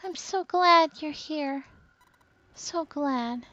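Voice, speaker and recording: A woman voicing a weak, fragile young woman who speaks high and faint, with soft trailing words, on a dull, dry recording. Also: extremely slow, no echo, heavily acted.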